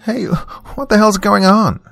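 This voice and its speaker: A man voicing a distressed young adult daughter who talks in a shrill, indignant way. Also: slow, gravelly, a bit bright, no echo, exaggerated voice. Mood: shocked.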